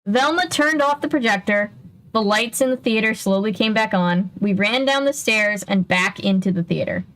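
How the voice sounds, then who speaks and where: A woman's voice: mid-range voice, moderate pace, fairly bright tone, poor audio. A young woman casually reading a children's mystery book aloud, breaking in with chatty asides.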